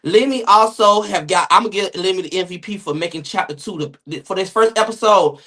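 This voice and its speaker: Loud profane man ranting on a stream. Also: brisk. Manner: loud, profane, dramatic rants that jump into high-pitched shouting. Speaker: gossip streamer host. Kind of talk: casual live-stream commentary.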